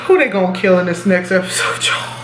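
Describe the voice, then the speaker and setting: A young woman casually reviewing a TV episode, animated and profane, laughing at her own reactions. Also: lowish voice, a little fast. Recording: echoey room with faint noise.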